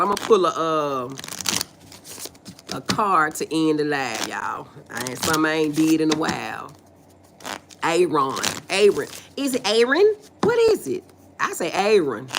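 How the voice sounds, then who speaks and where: A woman's low, creaky voice comes through at a moderate pace over background noise as she hosts a laid-back livestream with a Southern American accent. She's animated and folksy, reading the chat aloud, answering playfully, and laughing frequently.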